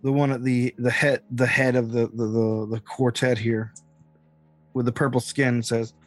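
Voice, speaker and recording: Slow, halting game master man. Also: medium pitch, flat delivery, no echo. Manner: halting, full of fillers and restarts. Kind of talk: narrating a tabletop game.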